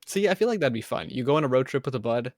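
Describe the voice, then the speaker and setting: A man's voice: medium pitch, animated, rapid-fire, a little mellow, dry recording, clean studio sound. A man co-hosting a casual book club podcast over a call, playful and rambling. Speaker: podcast co-host. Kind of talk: casual chat.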